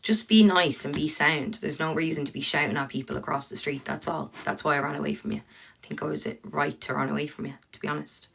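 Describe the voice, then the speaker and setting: A woman's voice: low voice, steady tone, fast, creaky, fairly bright tone, husky. An Irish woman ranting bluntly to her viewers on a livestream, swearing freely and talking straight to them.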